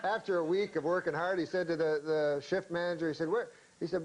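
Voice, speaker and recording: A man telling a long shaggy-dog story in a halting, meandering deadpan way, full of restarts, as a talk show guest. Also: on the high side, slight background noise. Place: talk show studio with audience.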